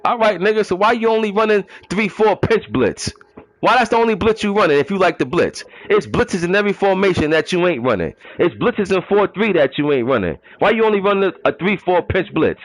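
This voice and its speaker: A man's voice: high-pitched, big pitch swings, brisk, poor audio. A man, running a gaming league, delivering an emphatic ranting monologue full of street slang and mocking rhetorical questions.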